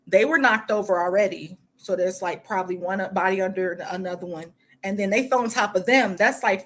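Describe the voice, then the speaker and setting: A woman from Michigan hosting her own channel, reading a news article aloud in a halting way and breaking off into casual asides full of "like" and "you know.". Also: medium pitch, a bit bright. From Michigan, United States. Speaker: host.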